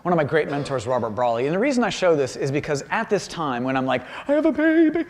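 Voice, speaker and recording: A man gives a lecture in a university auditorium, joking at his own expense as he talks through his paintings. His pitch swings widely from line to line, and he keeps up a lively, storytelling energy throughout. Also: fast, big-room sound. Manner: animated and self-deprecating, acts out quoted voices. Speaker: visiting artist giving a lecture. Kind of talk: humorous public talk with slides.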